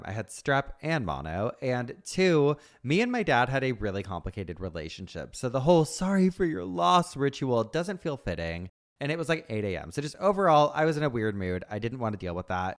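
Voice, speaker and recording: A woman's voice: very deep voice, sing-song, brisk. A woman co-hosting a podcast, bantering playfully and reading out a listener's post. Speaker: podcast co-host.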